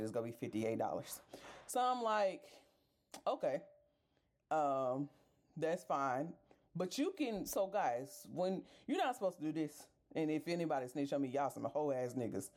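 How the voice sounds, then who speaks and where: A woman's voice: low-pitched, warm tone. Exasperated woman podcast host ranting. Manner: exasperated, swears freely, talks straight to listeners. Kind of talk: casual storytelling rant.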